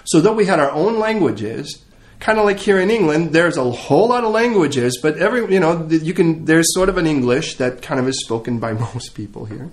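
A man's voice: on the high side, fairly quick. A man preaching a sermon. He tells stories with humor and acts out the scenes as he goes. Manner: animated, humorous storytelling, acting out scenes.

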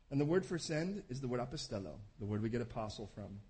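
A man preaching a sermon, animated, acting out scenes with voices. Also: medium pitch, fast talker. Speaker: pastor.

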